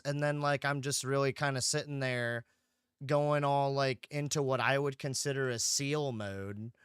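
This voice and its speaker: A man's voice: medium pitch, fairly even intonation, normal speed, fairly bright tone, smooth, dry recording, studio quality. A man livestreaming a game, rambling casually with lots of swearing and "dude". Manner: rambling, profane, keeps saying dude. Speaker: streamer.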